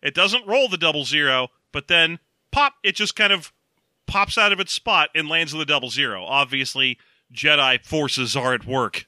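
Bright-voiced jokey male podcast host. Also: on the high side, lively intonation, normal speed, no room sound. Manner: jokey, playful asides. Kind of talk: casual comedic book recap.

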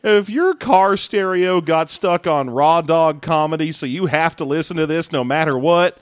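A man's voice: on the high side, moderate pace, clean tone, no echo, clean studio sound. A man co-hosting a comedy podcast, rambling through jokes and silly tangents in casual banter. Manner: jokey, rambling, jumps into silly bits. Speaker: podcast co-host.

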